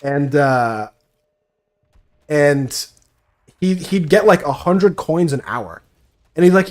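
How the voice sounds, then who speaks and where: A man's voice: fairly high pitch, expressive, moderate pace, darkish tone. A young man giving casual gameplay commentary, brash and profane, mocking as he tells stories. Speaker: gaming streamer.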